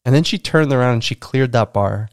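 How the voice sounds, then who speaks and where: A man's voice: mid-range voice, a little fast, dry recording, studio quality. A man hosting a podcast, telling a story from his coaching days in a casual, conversational way with lots of fillers. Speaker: podcast host and school coach.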